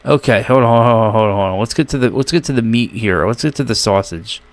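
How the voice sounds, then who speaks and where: Man, American accent, casual reaction commentary, joking and incredulous, mid-pitched voice. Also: fast. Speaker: reaction video host.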